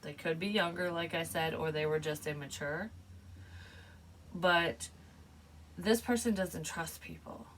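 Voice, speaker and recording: A middle-aged woman with a low voice gives a casual, rambling tarot reading. She talks frankly and swears freely. Faint background noise sits under her voice. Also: a little slow, pauses often, a bit bright, far from the mic, poor audio. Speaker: psychic tarot reader.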